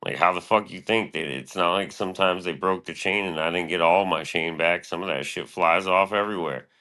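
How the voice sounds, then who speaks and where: A man's voice: low voice, brisk, sharp tone. A middle-aged man streaming, talking in a profane, meandering, laid-back monologue. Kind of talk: casual rambling monologue.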